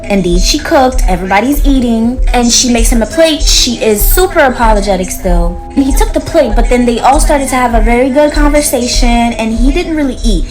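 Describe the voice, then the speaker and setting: A woman's voice: fairly high pitch, expressive, brisk, few pauses, low-quality recording. Chatty woman telling a story over music. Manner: chatty, recounts dialogue with lots of "like". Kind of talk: casual storytelling.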